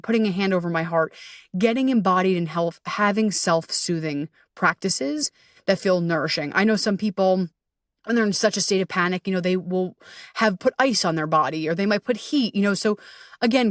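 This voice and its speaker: A woman with a fairly low voice hosts a casual solo podcast and works as a coach, speaking candidly and energetically, swearing freely and acting out bits of inner dialogue. The sound is dry and studio quality, though the mic is distant.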